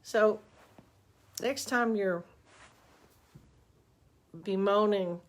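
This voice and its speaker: A woman's voice: mid-range voice, extremely slow. Older woman giving chatty relationship advice. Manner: chatty, folksy, self-mocking asides. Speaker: relationship coach. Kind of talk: casual live-stream advice talk.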